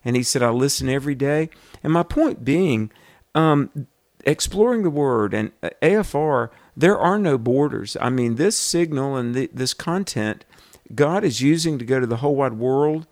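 A man's voice: medium pitch, expressive, moderate pace, darkish tone, dry recording. Earnest male radio host, dry studio. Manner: earnest, storytelling, rallying. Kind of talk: fundraising appeal on radio.

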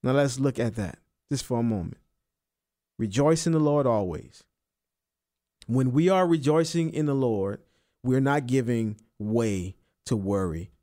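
A man preaching a sermon, repeating and stressing key phrases and rising in pitch on the emphatic ones. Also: warm tone. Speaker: pastor.

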